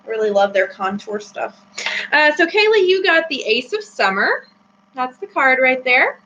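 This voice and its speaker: A woman's voice: high voice, sing-song, normal speed, sharp tone. A woman hosting a casual live-stream tarot reading, chatty and giggly with many fillers. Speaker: host. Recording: slightly dull with faint hum.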